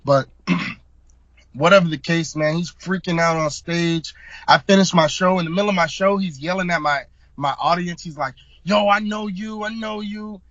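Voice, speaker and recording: Animated young man telling a wild story. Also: a little high, moderate pace, no echo, muffled recording. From South Florida. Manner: animated, slangy, emphatic. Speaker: guest, hip hop artist. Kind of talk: casual storytelling.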